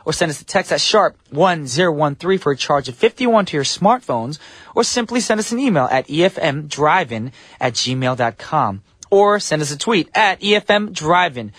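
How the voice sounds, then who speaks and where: A man's voice: on the high side, expressive, normal speed, a bit bright, husky, no echo. A young man hosting a morning radio show in a studio, chatty and joking as he talks to listeners.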